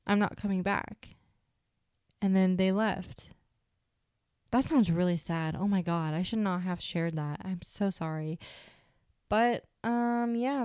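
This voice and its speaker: A young woman hosts her own podcast, talking casually and rambling with plenty of filler words. Her voice is smooth and clear, and it is recorded close and dry with no room sound. Her pitch sits in the ordinary middle range for a woman. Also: dark tone, dry recording. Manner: chatty, rambling, with many "like" fillers. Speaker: podcast host. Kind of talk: casual solo podcast storytelling.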